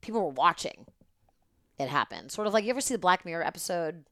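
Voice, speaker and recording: A woman in her thirties telling a rambling, animated story as a podcast guest, swearing freely. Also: fairly low pitch, fast talker, a crowd in the background. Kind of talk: casual storytelling chat.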